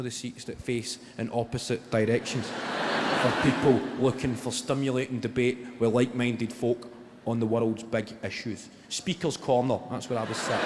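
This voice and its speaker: A man in his twenties with a Glaswegian Scottish accent, doing a stand-up routine and telling stories in an animated, profane way. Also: mid-range voice, heavy background noise. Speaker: stand-up comedian. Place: live venue on stage. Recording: long hall reverb, loud ambience.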